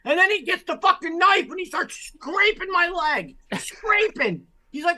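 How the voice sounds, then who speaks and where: High, bright-voiced male co-host. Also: lively intonation, normal speed, hardly any pauses. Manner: gripes and jokes, profane. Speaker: podcast co-host. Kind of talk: casual sports chat.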